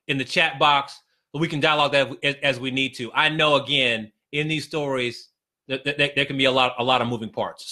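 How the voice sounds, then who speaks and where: A man's voice: mid-range voice, pushed and bright. A man coaching business owners on a live stream, talking emphatically and repeating his key phrases with many restarts. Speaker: business consultant.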